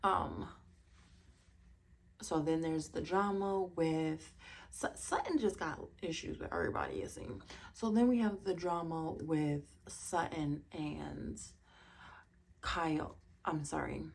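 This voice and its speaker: A woman casually recapping a reality TV episode, chatty and quick to laugh, with incredulous asides. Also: low voice, expressive, vocal fry, slight background noise.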